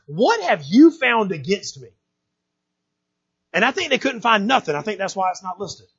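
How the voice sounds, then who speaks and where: Folksy man preaching, high voice. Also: husky, highs cut off. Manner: folksy, animated preaching with frequent "right?" asides. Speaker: pastor. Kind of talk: sermon.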